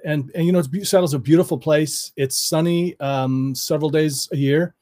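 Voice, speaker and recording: A man's voice: a little high, steady tone, moderate pace, dark tone. A man who works as a hypnotist, talking casually as a guest, laughing often and circling back over his sentences. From United States. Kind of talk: casual chat.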